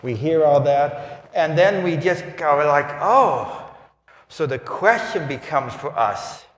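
A man giving a lively homily, acting out voices and asides, in a large church. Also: on the high side, measured pace. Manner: animated, acts out voices and asides. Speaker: priest. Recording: roomy church reverb.

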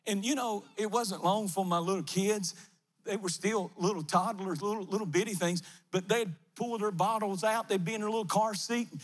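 Husky high-voiced man preaching a fervent sermon. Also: moderate pace. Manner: fervent, chanting and sing-song preaching. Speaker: pastor. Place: near-empty church sanctuary.

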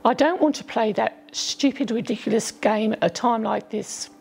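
A woman's voice: fairly high pitch, moderate pace, vocal fry, husky. A woman voicing a spirited, indignant orphan girl in a storybook reading. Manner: indignant, excitable.

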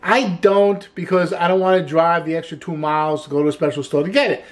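A man's voice: a little high, steady tone, a little fast. A middle-aged man hosting a cooking show as a chef, chatty and upbeat, walking through a recipe step by step with frequent exclamations. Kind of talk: casual cooking demonstration.

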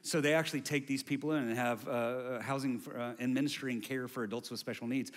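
A man's voice: medium pitch, steady tone, fast. Preaching man in a reverberant hall. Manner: building to loud repetitive refrains. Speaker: pastor. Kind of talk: sermon.

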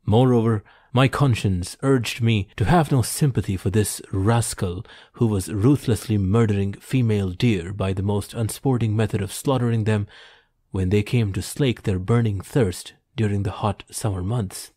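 Measured, dark-voiced male narrator. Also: on the low side, no room sound, studio quality. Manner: measured, formal storytelling. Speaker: audiobook narrator. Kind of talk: scripted narration.

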